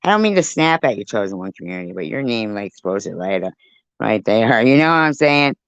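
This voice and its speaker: A woman's voice: a bass voice, sing-song, fairly quick, no room sound. A woman livestreaming a heated, profane rant, snapping back at people in her chat. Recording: dull lo-fi stream audio.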